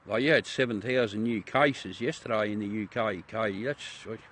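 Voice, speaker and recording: A livestream host from South Australia chats casually with viewers in an Australian accent, blunt and profane, calling everyone mate. His voice sits fairly low and a bit bright, at a moderate pace, with slight background noise.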